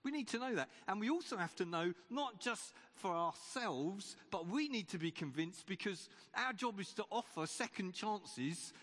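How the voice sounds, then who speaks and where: Preacher in an echoey church. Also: male voice, high-pitched, lively intonation, normal speed, hardly any pauses, a bit bright. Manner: conversational, with frequent restarts and repeated words. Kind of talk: sermon with retold Bible story. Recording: long church reverb.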